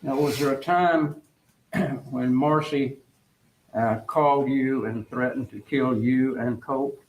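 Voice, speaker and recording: A man questioning a witness in court as an attorney, in short measured questions. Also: medium pitch, slight background noise, poor audio.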